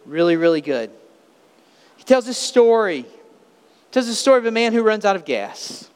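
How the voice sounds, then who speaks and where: A man's voice: high voice, very animated, moderate pace, a little mellow, clear, resonant tone. A man preaching a sermon as pastor, earnest and emphatic, asking his congregation rhetorical questions. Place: church sanctuary. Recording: long hall reverb in a church.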